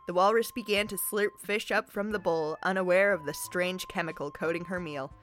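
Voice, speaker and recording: A woman podcast co-host reading a comic story aloud with a giggly, animated delivery. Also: lowish voice, normal speed, soft background music.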